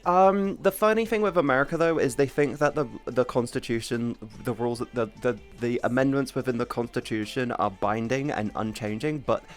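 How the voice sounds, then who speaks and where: A man's voice: mid-range voice, moderate pace, few pauses, faint music behind. A young man in casual chat, restarting his sentences and swearing. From United Kingdom.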